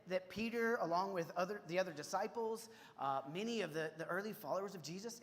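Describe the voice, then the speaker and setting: A man preaching a sermon in a relaxed, conversational way, with frequent restarts and acted-out quotes that build in intensity. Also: high voice. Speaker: pastor. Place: church sanctuary. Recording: church sanctuary reverb.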